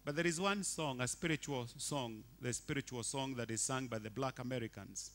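A man, preaching a sermon as a bishop in a church, animated and shifting between quiet and loud. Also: medium pitch, moderate pace, few pauses. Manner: animated, swings from quiet to shouting.

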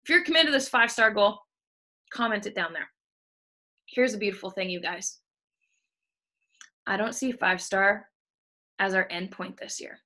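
Fired-up woman with a bright voice. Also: mid-range voice, moderate pace, pauses often. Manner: fired-up, hyped, cheering, swears freely. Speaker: team leader of a coaching team. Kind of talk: motivational team call. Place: room at home with the window open.

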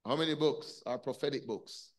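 A man's voice: medium pitch, normal speed. Man teaching Sunday school, quizzing his class. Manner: conversational, asks the class questions. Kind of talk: Bible teaching on a video call. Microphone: video call.

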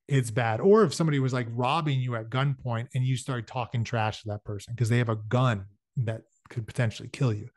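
A man reads a novel aloud and breaks off for casual asides, with fillers. His voice is middle-pitched. The sound is dry and close. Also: darkish tone, dry recording. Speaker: reader. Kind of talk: reading a novel aloud with commentary.

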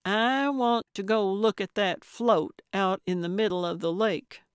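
A woman narrator puts on a stubborn, impatient old lady detective who barks orders and brushes off every objection. Her voice sits a touch higher and punchier than the narration, in a dry, close storybook recording. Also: unhurried, smooth, no echo, close to an everyday voice. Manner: bossy, emphatic, slightly raised voice.

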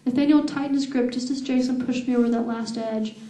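A woman author reading her novel aloud at a live event, steady with laughing asides. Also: on the high side, quick pace, distant mic. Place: event room with audience. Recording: echoey event room.

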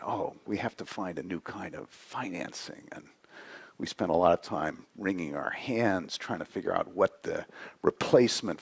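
A man giving a conversational conference talk, often ending points with a quick "right?". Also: deep voice, gravelly, darkish tone, slightly rough. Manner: conversational, frequent "right?" tags. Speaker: conference speaker. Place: conference hall.

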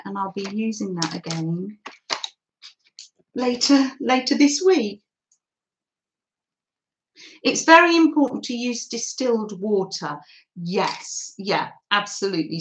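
A woman's voice: medium pitch, slight background noise. A woman hosting a live mixed-media art demo, chatting and thinking aloud as she paints and reading out viewers' comments. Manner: reads out and thanks viewers' comments. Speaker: craft livestream host.

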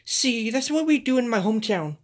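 A woman's voice: on the high side, animated. A woman voicing a cheerful male cactus with a put-on Spanish accent, dropping Spanish words in home toy play-acting. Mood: friendly. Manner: sprinkles Spanish words, drawn-out "oh, see". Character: cheerful male Mexican cactus, friendly and easygoing.

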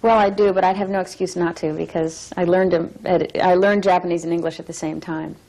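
Actress guest on an interview show, low flat voice with some gravel, talks it through slowly. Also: female voice, rough recording. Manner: thoughtful, measured, with restarts. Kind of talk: reflective interview talk.

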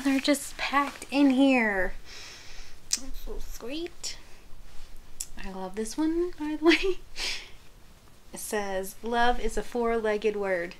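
Slow, gushing woman crochet vlogger. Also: on the high side, slight background noise. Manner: gushing, soft-spoken, often drops to a whisper. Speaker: crochet channel host. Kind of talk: casual unboxing chat.

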